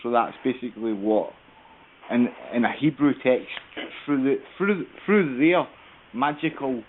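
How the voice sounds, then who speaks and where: A male caller on a talk show, chatting loosely and quickly with asides and repeated phrases. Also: mid-range voice. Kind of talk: call-in talk show chat. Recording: tinny phone line with faint hiss.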